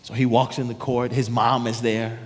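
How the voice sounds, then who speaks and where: A man preaching a sermon as a story, animated and emphatic. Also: medium pitch, normal speed. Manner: animated, emphatic, acts out voices. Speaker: pastor. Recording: long reverb of a large hall.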